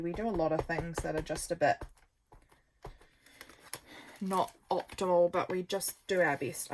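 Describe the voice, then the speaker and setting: In a fairly low voice on poor audio with a little hiss or hum, a woman vlogs as she crafts. Her chat is casual and meandering as she reasons aloud and mocks her own blunders.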